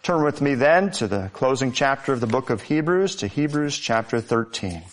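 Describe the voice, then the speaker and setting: A man's voice: medium pitch, lively intonation, normal speed, soft background music. A male pastor preaching a sermon, reading scripture and driving points home with emphatic repetition.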